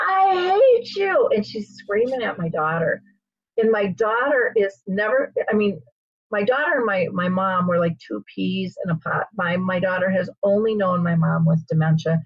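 Woman host, animated storyteller, a bit breathy, dry, muffled audio. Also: lowish voice, no echo. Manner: animated storyteller with frequent fillers. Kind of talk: conversational interview, storytelling.

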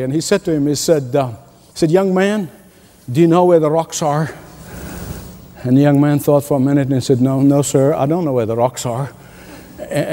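A man delivers a sermon in a notably high voice, pressing his points through repetition and little chuckles. The sound carries a long reverb, as if from a large hall. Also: warm tone. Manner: emphatic preaching with repetition and chuckles. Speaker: pastor.

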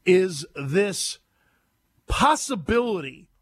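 A man's voice: high voice, big pitch swings, takes it slowly. A man hosting a talk radio show, giving an emphatic, indignant monologue into a studio microphone. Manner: emphatic, indignant, takes calls.

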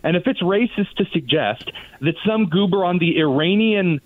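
A sarcastic, animated man speaks as a guest commentator on political talk radio, mocking the other side with little put-on voices. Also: sits high, normal speed. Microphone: phone line. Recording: tinny phone-line sound.

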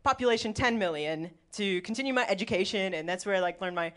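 A woman's voice: mid-range voice, fast, slight background noise. A woman in her thirties from the Midwest, telling a personal story to a live audience in a chatty, laughing way, full of "like" and swearing. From Milwaukee, Wisconsin, USA.

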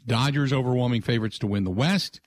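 A man's voice: mid-range voice, fast talker. A man hosting a sports talk radio show, chatting loosely with restarts and asides. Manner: rambling, frequent restarts and filler asides.

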